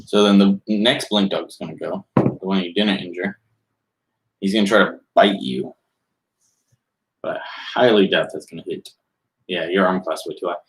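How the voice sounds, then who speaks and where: A man's voice: low voice, steady tone, moderate pace, long pauses. A young man narrating as game master, rambling loosely with lots of filler words. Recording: roomy echo.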